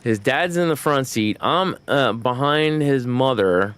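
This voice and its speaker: A man's voice: mid-range voice, lively intonation, unhurried, a bit bright, clear, resonant tone. Rambling man telling a story on a game stream. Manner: rambling, self-interrupting storyteller. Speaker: gaming streamer. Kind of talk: casual storytelling while livestreaming a game.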